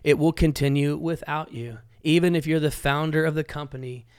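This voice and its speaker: A man's voice: on the high side, fairly even intonation, fairly quick, a little mellow, smooth. A man co-hosting a podcast as a pastor, talking casually with blunt jokes and preachy asides.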